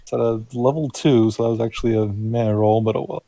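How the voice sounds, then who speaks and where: A man's voice: mid-range voice, fairly even intonation, fast, vocal fry, dark tone, no room sound. Man, tabletop player, casual and easygoing, dry sound. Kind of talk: casual tabletop game chat.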